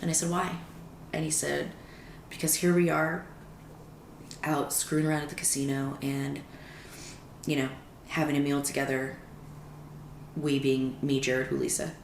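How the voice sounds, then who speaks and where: Podcast guest, woman, very deep voice, animated storyteller; echoey room with faint noise. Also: normal speed, vocal fry. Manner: animated, acts out quoted dialogue. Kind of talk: personal storytelling in conversation. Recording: roomy echo with faint background noise.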